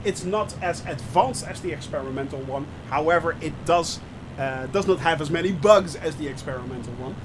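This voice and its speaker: A man streaming a flight simulator, chatting through his flight with lots of fillers and bursts of excitement. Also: a little high, a little fast, background noise. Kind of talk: live gameplay commentary.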